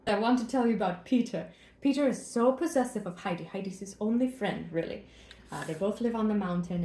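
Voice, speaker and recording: A young woman, a book vlogger, chats playfully while baking in her home kitchen, often dropping to a whisper. Her voice is fairly high with a darkish tone, and the kitchen sounds echoey.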